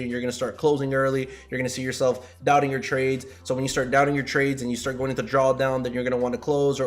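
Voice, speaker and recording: A man hosting a live trading stream, chatting casually with his viewers, swearing often and repeating himself when he makes a point. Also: mid-range voice. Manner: profane, animated, repeats himself, talks to chat. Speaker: livestream trading host. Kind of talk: casual livestream chat.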